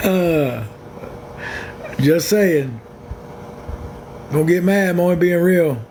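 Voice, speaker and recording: A man hosts his own livestream, rambling bluntly and frankly to viewers on a phone in casual chat. His voice is a little high and a little mellow, with slight background noise.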